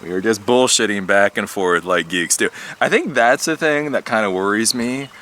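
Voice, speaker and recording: A man's voice: on the low side, normal speed, sharp tone, a little hiss or hum. A man hosting his own channel, rambling casually and animatedly outdoors, swearing and laughing now and then. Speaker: tech YouTuber. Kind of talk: casual monologue vlog.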